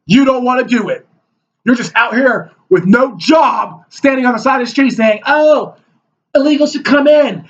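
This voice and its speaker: A man's voice: very high voice, fairly bright tone. A man delivering a heated, mocking rant to the camera, scornful and indignant. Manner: heated and mocking, mimics opponents in whiny voices. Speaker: video blogger. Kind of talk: ranting monologue. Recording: dull lo-fi recording.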